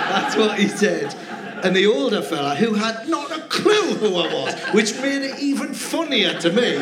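A male comedian with a high, sing-song voice speaks at a moderate pace as a guest in a live podcast interview on a theatre stage. He rambles and giggles through anecdotes, with audience laughter echoing around the roomy hall.

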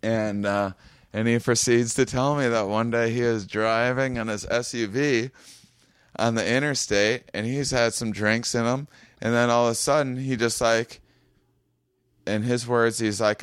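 Man, casual storyteller, smooth clear voice, dry close sound, stammers and restarts. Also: mid-range voice, fairly even intonation, a little slow, no echo. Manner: rambling, stammering restarts, acts out quoted voices. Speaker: comedian guest. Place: small home room.

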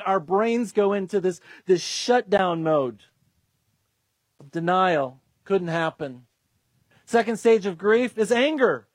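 High-voiced pastor preaching earnestly. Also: male voice, expressive, takes it slowly, dry recording. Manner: earnest, acts out quoted voices, restarts with fillers. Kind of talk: sermon.

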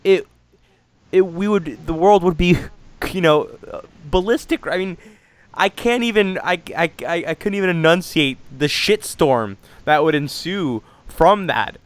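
Smooth-voiced man in casual political banter. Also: on the high side, expressive, a little slow. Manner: rambling, sarcastic, laughs often. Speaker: podcast co-host.

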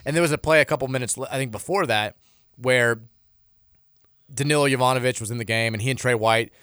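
A man's voice: mid-range voice, fast, smooth, dry recording, clean studio sound. Male sports radio host, rambling. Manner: animated, rambling, frequent restarts and repeated words. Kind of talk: casual sports talk radio. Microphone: studio microphone.

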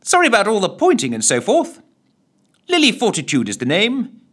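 A man voicing a plummy, brisk woman secret agent in a radio story reading, raised high in pitch and delivered briskly. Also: wildly swooping pitch, fairly bright tone, heavily acted. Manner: brisk and upbeat.

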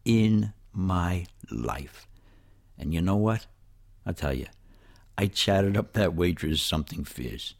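This is storytelling narration from an older man with a New York accent, recounting his life conversationally and addressing the listener head-on. He speaks in a low, expressive voice at a moderate pace.

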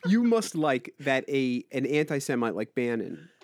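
A man's voice: medium pitch, very animated, normal speed, no echo. A man co-hosting a comedy podcast, baiting the others in a sarcastic, mock-earnest tone. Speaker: podcast co-host. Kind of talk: satirical comedy banter.

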